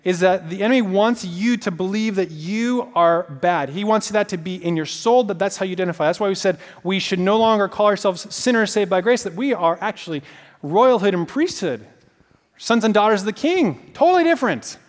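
A man with a high-pitched voice delivers a sermon. He tells stories in a loose, animated way, full of casual fillers. His voice rings out with long reverb, as if heard in a large hall. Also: fairly quick. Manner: animated storytelling with many fillers. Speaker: pastor.

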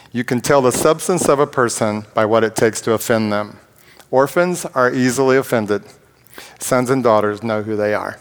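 Candid male preacher in a reverberant hall. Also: mid-range voice. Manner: candid, self-deprecating, plain-spoken. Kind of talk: conversational sermon with personal stories.

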